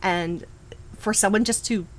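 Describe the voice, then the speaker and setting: A middle-aged woman hosts a live knitting stream in a mid-range voice at a measured pace, on a low-quality recording with slight background noise. She chats casually, reacts to viewers in the chat, and often restarts and laughs.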